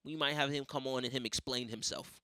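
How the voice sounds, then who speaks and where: A man's voice: mid-range voice, fairly even intonation, brisk, bright, forceful tone, clean tone, no room sound, studio quality. A young man hosting a podcast, ranting casually with lots of swearing and telling stories by acting out other people's voices. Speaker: podcast host. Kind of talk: casual monologue.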